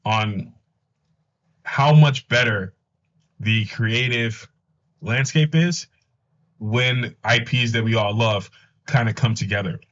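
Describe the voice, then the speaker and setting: A man's voice: mid-range voice, fairly even intonation, slow, long pauses, fairly bright tone. Chatty man recapping comics. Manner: enthusiastic and chatty, with asides. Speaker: comic book recap host. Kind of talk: casual comic recap narration. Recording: slightly dull lo-fi audio.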